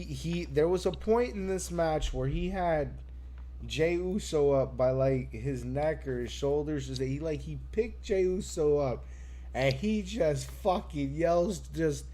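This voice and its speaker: A man chatting about wrestling with lots of swearing and laughter. His voice sits a bit high and he talks slowly. A faint hum of noise runs behind him. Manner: profane, excitable, laughs often. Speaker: podcast co-host. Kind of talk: casual wrestling chat.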